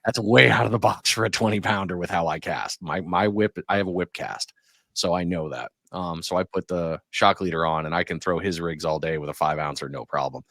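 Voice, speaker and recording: Podcast host guy, low voice, dry close mic, chatty and jokey, laughs a lot. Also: a little fast, vocal fry, fairly bright tone, no echo. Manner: chatty, jokey storyteller who laughs easily. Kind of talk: casual podcast interview.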